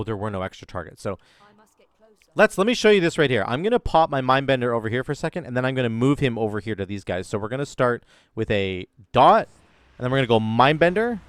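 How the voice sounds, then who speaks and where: A gaming content creator provides enthusiastic, casual commentary over his own gameplay footage, explaining as he plays. His voice is mid-range and smooth, with no echo.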